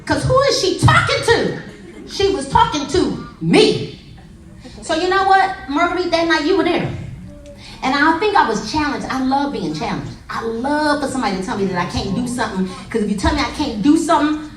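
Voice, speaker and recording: Animated woman speaker, high lively voice. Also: brisk. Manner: animated, humorous storytelling with acted quotes. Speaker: motivational speaker. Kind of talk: motivational talk to a live audience. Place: meeting room with an audience. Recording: echoey room, voice from a distance, faint crowd.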